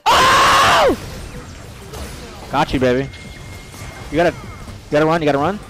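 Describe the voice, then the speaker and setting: A young man streaming a video game, loud and profane, trash-talking and yelling at his teammate. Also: on the high side, fairly even intonation, fast talker, faint music behind. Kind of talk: casual gaming stream chat.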